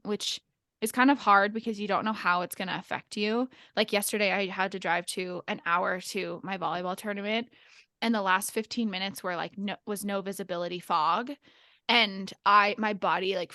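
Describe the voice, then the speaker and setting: A woman's voice: medium pitch, fairly bright tone, no echo, studio quality. A young adult woman chatting casually on a podcast, telling a story with lots of filler words and nervous laughs. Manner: laughs nervously while recounting.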